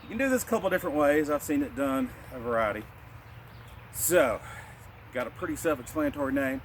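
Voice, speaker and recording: A male martial arts instructor calmly leading a qigong class, cueing each breath in a slow, steady rhythm. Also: on the high side, a little hiss or hum.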